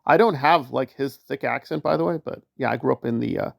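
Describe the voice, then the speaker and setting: A man's voice: mid-range voice, a little fast, creaky, no echo, studio quality. A man from the northeastern United States giving casual commentary in a wry, sarcastic way.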